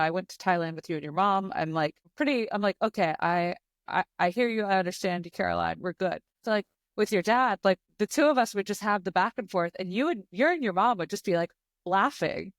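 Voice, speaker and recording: A woman's voice: medium pitch, no echo. A young woman hosting a podcast, telling stories animatedly and acting out quotes. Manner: animated storyteller, acts out quotes. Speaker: podcast host. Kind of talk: casual chat.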